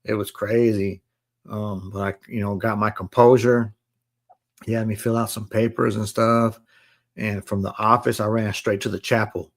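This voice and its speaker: Gravelly low-voiced man telling his story. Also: moderate pace. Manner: relaxed street slang, addresses listeners as bro. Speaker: live stream host sharing his testimony. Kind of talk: casual storytelling testimony.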